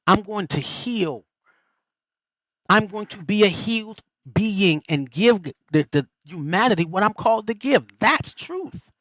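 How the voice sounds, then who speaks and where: A middle-aged man hosts a live stream, giving a motivational teaching in an animated, folksy, preacherly style at a quick clip. His voice is on the high side, and the audio is poor but has no echo.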